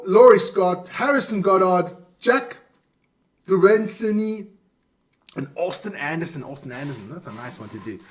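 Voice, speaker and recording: A man's voice: high-pitched, recorded from a distance. A man hosting a live stream alone, chatting casually and stumbling over hard player names.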